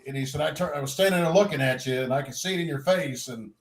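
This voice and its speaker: A middle-aged man in casual storytelling mode, animated and a little profane. He acts out other people's lines with sudden jumps in pitch and volume, then drops back to an easy, ordinary voice. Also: fast talker. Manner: animated storyteller, acts out quotes loudly, swears freely. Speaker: podcast co-host, veteran.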